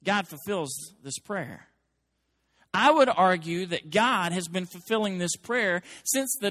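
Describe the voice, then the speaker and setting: A male pastor preaching a sermon in a lively, emphatic way, rising to forceful peaks. His voice sits high for a man. The sound is dry and close. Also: slow, no echo.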